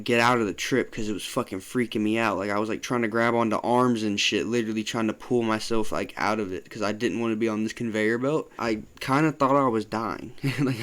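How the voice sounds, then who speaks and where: A young man telling a story to his channel in a loose, casual way, swearing often and filling pauses with "like". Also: medium pitch, smooth. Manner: loose, profane, full of "like" fillers. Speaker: vlogger.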